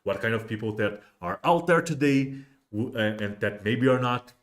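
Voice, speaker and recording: A man's voice: mid-range voice, expressive, moderate pace. A man hosting a casual livestream, rambling with many restarts and fillers. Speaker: host of a miniatures livestream.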